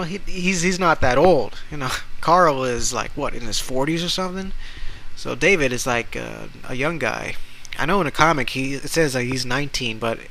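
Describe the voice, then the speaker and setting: A young man hosting a casual solo podcast, talking haltingly with many restarts. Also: medium pitch, pushed and bright, a little hiss or hum, rough recording. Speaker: podcast host.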